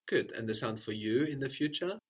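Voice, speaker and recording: A man's voice: mid-range voice, expressive, brisk, slightly rough. A man teaching a language lesson, patiently prompting his student and repeating her answers.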